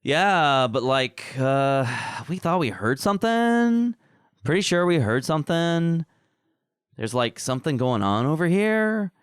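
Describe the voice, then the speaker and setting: A man's voice: a little high, lively intonation, measured pace, clear, resonant tone, no room sound, studio quality, pitched above the performer's own voice. A man voicing small, petty, masked troll-like creatures who trade whiny, childish insults. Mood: nervous.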